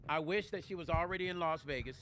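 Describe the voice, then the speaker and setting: A man's voice: a little high, quick pace, a bit bright. A man hosting a livestream, speaking emotionally and reading out viewer comments in a heartfelt, tearful way. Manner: tearful, heartfelt, reads chat comments aloud.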